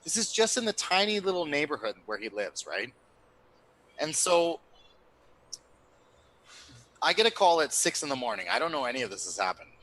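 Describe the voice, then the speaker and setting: A man spins a wild story in casual conversation, his voice bright and slightly high for a man. He talks in an animated, profane rush, checking in with his listener as he goes. He is heard through a remote call mic. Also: normal speed, pauses often, rough recording. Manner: animated, profane, with frequent tag questions. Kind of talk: casual anecdote telling.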